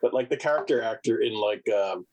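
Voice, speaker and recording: Deep-ish guy, filmmaker guest, easygoing, hunts for words a lot. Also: a little fast, low-quality recording. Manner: relaxed, searching for words. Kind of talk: casual storytelling.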